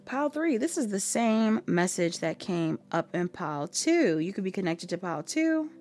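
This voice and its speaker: A woman's voice: medium pitch, sing-song, normal speed, a little mellow, faint music behind. A sleepy woman giving a casual pick-a-card tarot reading, chatty and rambling, with frequent ums and little laughs. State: sleepy, staying up late.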